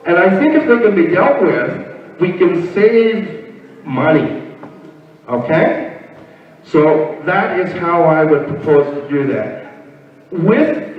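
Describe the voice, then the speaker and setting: A man running for council answers a question in a plain, slightly hesitant way. He is far from the mic in a large hall with long reverb, and the sound is dull. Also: on the high side. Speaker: municipal candidate. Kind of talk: answering a question at a public meeting.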